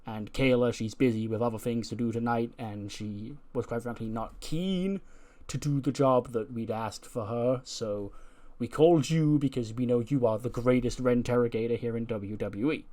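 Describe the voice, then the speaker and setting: A man's voice: medium pitch, moderate pace, dark tone, lightly acted. A man voicing a hesitant male wrestling authority figure who stalls with "uh"s. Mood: persuasive. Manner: hesitant, full of "uh"s.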